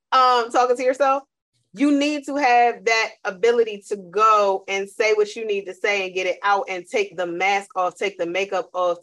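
A woman chatting casually on a podcast, animated and acting out quoted voices. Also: on the high side. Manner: animated, acts out quoted voices, laughs often.

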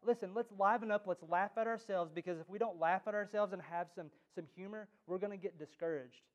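A pastor preaching a sermon in church, joking and teasing, with sudden loud jabs. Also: male voice, sits high, brisk.

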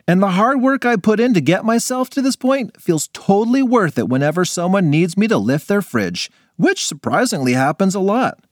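A man's voice: sits high, no echo, studio quality, voice pushed up. A man voicing a proud, boastful strength instructor with a hearty delivery.

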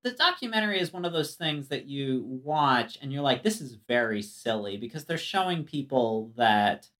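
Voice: mid-range voice, expressive, normal speed, fairly bright tone. A podcast co-host in a casual chat, telling stories in a meandering, chatty way.

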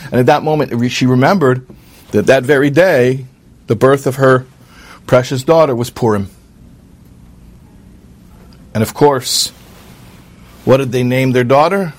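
A man telling a true story aloud in an earnest, halting way, with fillers and restarts. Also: mid-range voice. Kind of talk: spoken storytelling.

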